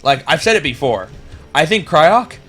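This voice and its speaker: A young man casting a video game match, rambling and chatty, getting excited at big plays. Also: on the high side, moderate pace, slightly rough. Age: young adult. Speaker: game caster. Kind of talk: casual esports commentary.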